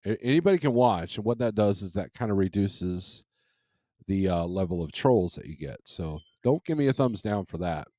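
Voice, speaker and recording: A man's voice: deep voice, lively intonation, moderate pace, warm tone, no room sound, studio quality. A man hosting a casual livestream from home, rambling in an easygoing way and chuckling often, speaking into a microphone. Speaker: livestream host. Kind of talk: casual live chat. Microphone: desk microphone.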